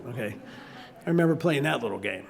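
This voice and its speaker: An older pastor with a Southern US accent preaches a sermon in a mid-range, fry-tinged voice, talking quickly. He tells stories animatedly and acts out voices, in a big-room space with slight background noise.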